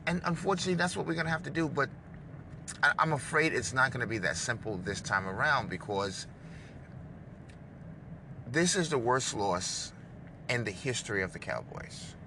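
A man hosting his own show, delivering an impassioned sports rant that swings between loud outbursts and hushed asides. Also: medium pitch, animated, normal speed, pauses often, background noise. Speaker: show host. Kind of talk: ranting sports monologue.

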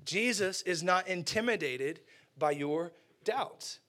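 High-voiced man preaching casually. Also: animated, slow, sharp tone. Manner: conversational, joking, says "like" often. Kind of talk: casual, humorous sermon.

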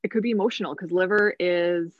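A woman's voice: fairly low pitch, fairly even intonation, fast, no echo. A woman chats casually as a podcast guest, laughing easily and circling back mid-sentence. Her voice comes through a dull, lo-fi line with a dry, close sound and no room behind it. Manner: chatty, laughs often, thinks aloud with restarts. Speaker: guest, massage therapist and medical intuitive.

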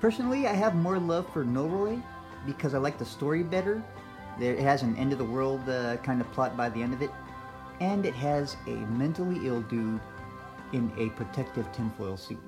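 A man reading out his own film review for a podcast, in a measured, scripted way with dry asides. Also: mid-range voice, expressive, over music. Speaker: listener sending in an audio review.

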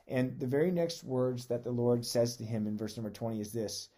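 A man's voice: mid-range voice, fairly quick, mellow, slightly rough. A man preaching a conversational sermon on a podcast, earnest and reading scripture aloud with emphasis.

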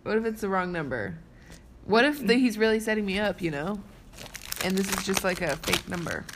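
A woman's voice: mid-range voice, animated, brisk, background noise. A young woman co-hosting a podcast in casual chat, nervous and giggly, swearing often. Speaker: podcast co-host.

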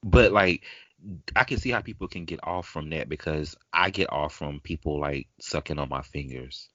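A man's voice: extremely low pitch, moderate pace, a bit bright, no room sound, dull audio. A man co-hosting a podcast, talking bluntly in casual chat full of slang.

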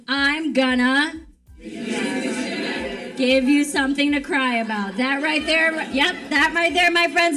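A woman's voice: sits high, distant mic. A woman comedian doing a stand-up set with punchy, sardonic delivery.

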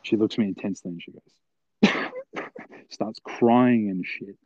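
A man's voice: lowish voice, slow, no room sound, dull audio. A young man telling a long story, rambling and swearing, full of fillers. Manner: rambling, profane, filler-heavy. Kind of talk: casual storytelling.

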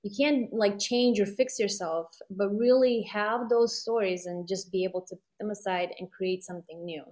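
A woman's voice: mid-range voice, normal speed, a little mellow. A middle-aged woman in casual conversation, telling a personal story in a rambling, reflective way with many fillers. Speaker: guest sharing a personal story.

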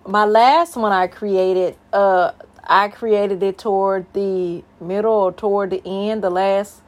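A woman's voice: mid-range voice, darkish tone. A woman hosting a small business video series, talking casually and loosely, often restarting and correcting herself. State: has the hiccups. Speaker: small business podcast host. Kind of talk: casual solo video talk.

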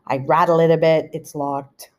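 A woman's voice: deep voice, normal speed. Chatty middle-aged woman telling a story. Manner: animated, chatty, full of asides. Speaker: podcast host. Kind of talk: storytelling monologue.

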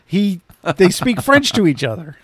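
A man co-hosting a casual movie podcast, tossing out mock-emphatic, sarcastic jokes. His somewhat high voice swings lively up and down. The sound is dry and close, with no room echo. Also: normal speed, slightly rough. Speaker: podcast co-host. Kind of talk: casual movie review chat.

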